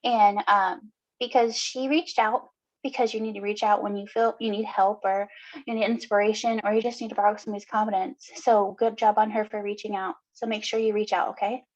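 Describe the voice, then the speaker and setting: A woman giving earnest, encouraging advice in a casual talk, often pausing on "um". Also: mid-range voice, level tone, darkish tone. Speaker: co-host. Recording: dull lo-fi video call audio.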